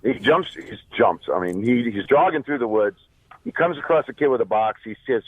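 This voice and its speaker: A man's voice: medium pitch, expressive, brisk, slightly rough, dry recording. Male caller on a tinny phone line. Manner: chatty, joke-telling. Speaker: radio caller. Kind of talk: phone-in call. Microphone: telephone.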